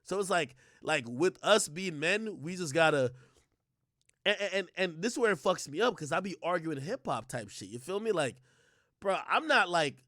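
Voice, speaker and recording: A man's voice: fairly high pitch, lively intonation, moderate pace, sharp tone, dry recording, clean studio sound. A man hosting a livestream, ranting in a heated, profane way and stumbling over filler words and restarts. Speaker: livestream host.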